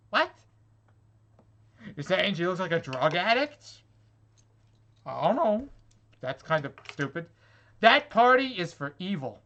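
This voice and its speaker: A man's voice: high voice, bright, forceful tone, dull audio. A man reading online comments aloud in a vlog and reacting to them with sarcastic, swearing exasperation. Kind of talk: angry rant reacting to comments.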